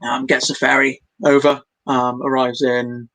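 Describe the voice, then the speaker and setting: A man's voice: medium pitch, flat delivery, a little slow, a bit bright, low-quality recording. A young man doing a meandering, self-deprecating stand-up set at home for an online showcase, full of fillers and restarts. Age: young adult. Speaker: stand-up comedian.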